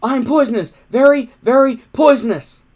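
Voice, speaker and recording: A man voicing a clever young boy hero in a high, breathless, urgent voice. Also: normal speed, darkish tone, close to an everyday voice. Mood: panicked.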